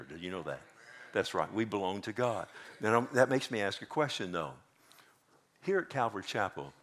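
A male pastor preaching a sermon, swinging between loud emphatic bursts and quiet asides, drawing answers from the congregation. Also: on the low side. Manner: preaching with rising emphatic bursts and call-and-response.

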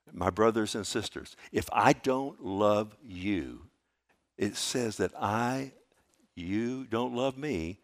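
A man preaching a sermon as pastor, swinging from loud, stressed lines to quiet asides. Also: lowish voice.

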